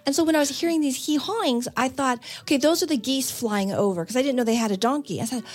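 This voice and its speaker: A woman in casual conversation, telling animated stories, laughing often and voicing the people in them. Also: sits high, fast, husky. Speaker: conversation partner. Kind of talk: casual chat.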